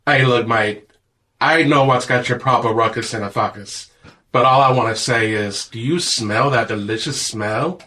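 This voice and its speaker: A man's voice: medium pitch, moderate pace, pushed and bright, natural voice. A man doing a naive Aussie space creature. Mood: cheery. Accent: Australian, put on. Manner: cheery, childlike, slangy. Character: naive friendly shapeshifting space creature, male.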